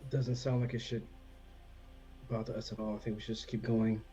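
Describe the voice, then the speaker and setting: A man's voice: lowish voice, level tone, brisk, dark tone, dull audio, faint music behind. A man playing his character in a tabletop game, hesitant and playful, slipping in and out of character. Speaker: player. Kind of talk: tabletop role-play, in and out of character.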